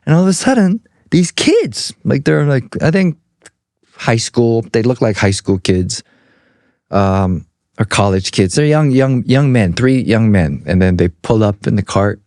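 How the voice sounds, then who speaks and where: A man's voice: mid-range voice, measured pace, no echo, studio quality. A middle-aged man co-hosting a podcast, telling stories in a casual chat and acting out the people in them. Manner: animated storyteller who acts out other people's voices. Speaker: podcast co-host.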